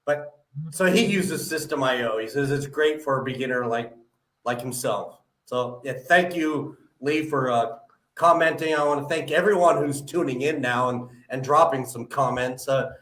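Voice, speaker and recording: A man's voice: medium pitch, normal speed, fairly bright tone, roomy sound, rough recording. A man hosting a live podcast interview, friendly and full of "uh" fillers. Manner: friendly, filler-heavy, many "uh"s. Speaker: podcast host.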